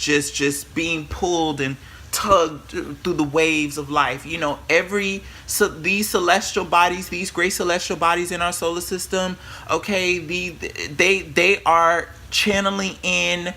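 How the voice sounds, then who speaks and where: Man, spiritual reader, sassy profane pep talk, forceful bright tone, fairly high voice. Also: unhurried. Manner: brash, animated, swears freely, calls the viewer bitch and girl; repeats and restarts words when excited.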